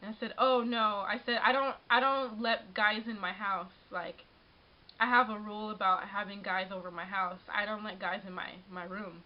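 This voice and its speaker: A young woman telling a story in a casual vlog, animated and exasperated, breaking into laughs and filling her talk with "like". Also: mid-range voice, normal speed, highs cut off. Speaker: vlogger.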